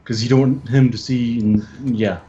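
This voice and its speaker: A man's voice: mid-range voice, steady tone, moderate pace, warm tone. A man playing a tabletop game, casually rambling through plans with the group. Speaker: player. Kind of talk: tabletop game planning chat. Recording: dull lo-fi mic, faint noise.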